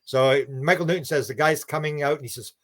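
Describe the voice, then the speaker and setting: A man's voice: on the high side, a little fast, a bit bright, no echo, clean studio sound. Rambling man telling stories. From Canada. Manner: rambling, repeats and restarts words, acts out quotes. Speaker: podcast guest, researcher. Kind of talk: casual conversational storytelling.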